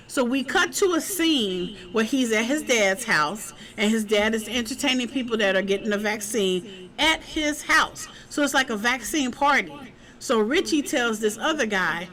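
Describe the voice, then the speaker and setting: A woman's voice: fairly high pitch, normal speed, low-quality recording. Chatty woman recapping a TV episode. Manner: chatty, animated retelling with quoted character lines. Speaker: TV show reviewer.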